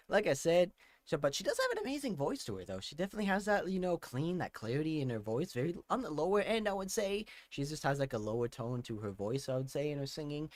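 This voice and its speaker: Man, music reaction host, casual rambling, filler-heavy, excitable, slightly high voice, dry sound. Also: no room sound. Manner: rambling, lots of fillers and hedges; excitable outbursts.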